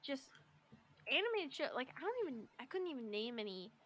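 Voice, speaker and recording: A young woman co-hosting a podcast, talking earnestly and haltingly with many fillers. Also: sits high, sing-song, a bit bright. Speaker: podcast co-host. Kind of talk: casual chat.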